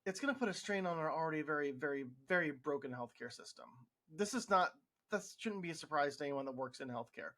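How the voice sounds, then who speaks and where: A man's voice: fairly high pitch, lively intonation, fast, sharp tone. A man who works in healthcare, giving a frustrated, sarcastic opinion monologue with frequent restarts. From United States. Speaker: healthcare worker podcast host.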